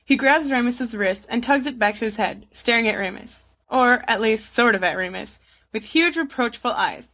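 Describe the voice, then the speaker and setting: A woman reading fan fiction aloud as an audiobook narrator, in an expressive, steady way. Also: fairly high pitch, moderate pace. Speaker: podfic reader.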